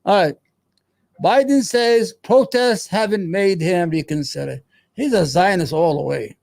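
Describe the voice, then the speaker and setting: A man's voice: sits high, unhurried, creaky, a little mellow, no echo. A man hosting a live-stream show, reading out news headlines and commenting on them in a heated, profane and sarcastic way. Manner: mutters to himself between headlines.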